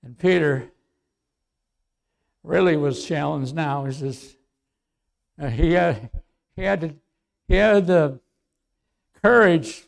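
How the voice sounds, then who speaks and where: A male pastor preaching a sermon, swinging from loud emphatic lines to soft quiet asides. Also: on the high side, slow, gravelly, long pauses.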